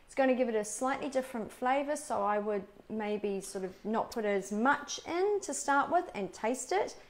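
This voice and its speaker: A woman's voice: on the high side, animated, moderate pace. A woman hosting a live cooking demonstration, explaining recipe steps. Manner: chatty, explains steps as she goes. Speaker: cooking show host.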